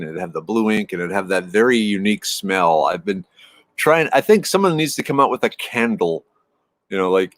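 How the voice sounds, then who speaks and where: A man's voice: sits low, no echo. A man in his fifties hosting a casual live stream, rambling and answering viewers' messages as they come in. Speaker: livestream host chatting with viewers.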